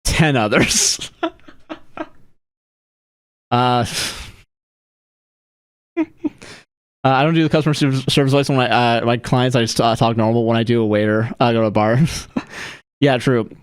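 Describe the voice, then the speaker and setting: A man's voice: medium pitch, steady tone, measured pace, long pauses, clean tone, no echo, clean studio sound. A man livestreaming a game, chatting casually in a rambling, profane way and laughing often. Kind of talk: casual chat while streaming a game.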